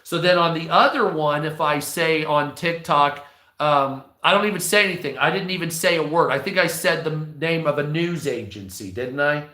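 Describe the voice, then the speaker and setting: Profane ranting man with a bright, echoey voice. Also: on the high side, moderate pace. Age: 40s. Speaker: livestream host. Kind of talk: casual livestream monologue.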